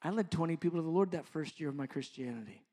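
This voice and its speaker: A man in his fifties preaching a sermon as a pastor, moving from loud, drawn-out emphasis to hushed, near-whispered lines. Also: fairly high pitch, expressive. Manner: slow, drawn-out stresses on key words.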